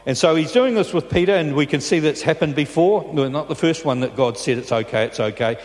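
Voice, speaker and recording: Male pastor, sermon, conversational, checks in with the congregation, slightly high voice, long church reverb. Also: lively intonation, fairly quick, a little mellow.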